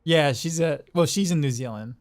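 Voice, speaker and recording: A man's voice: fairly high pitch, normal speed. Laughing man streamer. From Southeastern United States. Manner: chatty, laughs often, repeats words. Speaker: game streamer. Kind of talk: casual chat while gaming.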